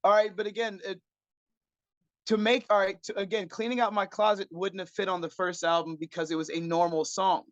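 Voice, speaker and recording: Casual podcast co-host: a man with a high voice, blunt and profane, recorded dry and close. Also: level tone, brisk, a bit bright, dry recording, muffled recording. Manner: blunt, profane, restarts often. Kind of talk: casual chat.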